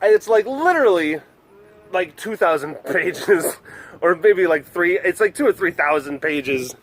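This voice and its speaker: A man's voice: high-pitched, expressive, measured pace, a bit bright, a little hiss or hum. A young man vlogging casually at a wild animal facility, telling a story in a chatty, rambling way full of restarts and little laughs.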